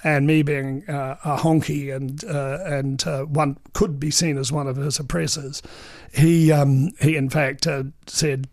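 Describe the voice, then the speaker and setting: A gravelly-voiced New man in his sixties spins long anecdotes, peppering them with ums and uhs. His voice sits a touch high for a man, and the sound is close and dry with no room around it. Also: level tone, measured pace, darkish tone, no echo. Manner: chatty, full of ums and uhs, acts out quoted dialogue. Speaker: veteran political journalist. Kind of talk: anecdotal interview storytelling.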